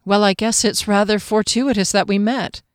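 Woman reading a bold young swordswoman, direct and warm, mid pitch, dry close sound. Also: steady tone, normal speed, smooth, dry recording, lightly acted. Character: bold young female sword fighter, impulsive.

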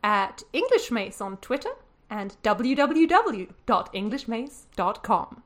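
A woman's voice: fairly high pitch, big pitch swings, slow pace. A woman guest on a podcast, bantering playfully and laughing easily in casual chat.

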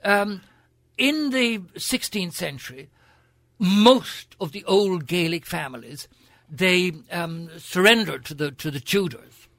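Older irish guy spinning grand witty stories, gravelly bright voice, dry close sound. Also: high-pitched, animated, slow pace, dry recording. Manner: grand, theatrical, witty raconteur. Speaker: interview guest, senator. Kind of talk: anecdotal storytelling.

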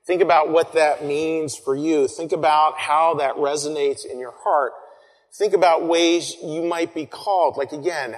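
A man preaching a sermon, earnest, repeating phrases and dropping to soft, quiet lines. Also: a little high, steady tone. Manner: earnest, pauses and repeats phrases, drops to soft near-whispers. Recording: long reverb.

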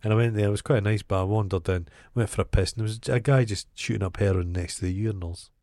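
Scottish guy, lowish voice, blunt and swears a lot, dry close mic. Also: quick pace, a little mellow, no room sound. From Scotland. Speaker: podcast co-host. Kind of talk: casual chat.

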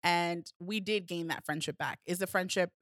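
A young woman co-hosting a podcast, talking casually in an animated, sassy way and telling a story with many restarts. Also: fairly low pitch, normal speed, no echo, studio quality. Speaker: podcast co-host.

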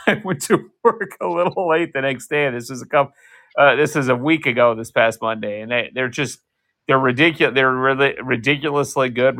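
Bright-voiced man chatting sports. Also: medium pitch. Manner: talkative, rambling, laughs at own jokes. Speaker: podcast co-host. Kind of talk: casual sports chat.

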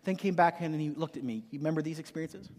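A man's voice: a little high, very fast, darkish tone, in a large hall. A male pastor preaching with emphatic repetition and playful acted asides in a sermon.

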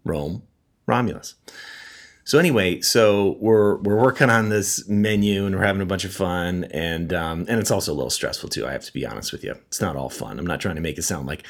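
A man's voice: low-pitched, normal speed, vocal fry. A middle-aged man with a wheezy voice from a cold, chatting casually as a podcast host and laughing at his own stories. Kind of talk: casual monologue.

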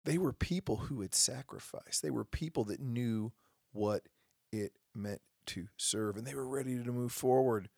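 A gravelly, husky-voiced man hosting his own podcast, speaking with passion and slipping into sarcastic asides. The recording is dry and close, with no room sound. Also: mid-range voice, normal speed, darkish tone, dry recording. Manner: impassioned, with mocking asides. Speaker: podcast host. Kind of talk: opinion monologue.

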